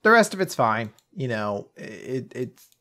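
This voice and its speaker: A man's voice: medium pitch, sing-song, a little slow, sharp tone. Man rambling in a casual podcast chat. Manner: rambling, swears freely, trails off. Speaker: podcast co-host.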